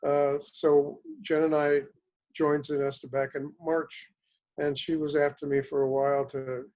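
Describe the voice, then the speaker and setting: A man's voice: a little high, flat delivery, unhurried, a little mellow, dull audio. A man on a group call, casually telling a rambling testimonial from a hotel room. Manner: rambling and anecdotal, with restarts. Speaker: caller sharing a product testimonial. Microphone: online group call.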